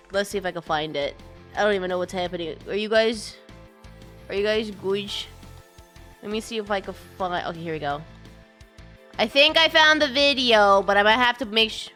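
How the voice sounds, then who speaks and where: A woman's voice: mid-range voice, sharp tone. A woman streamer chatting casually with her viewers, giggling often and greeting them. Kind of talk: casual live-stream chat.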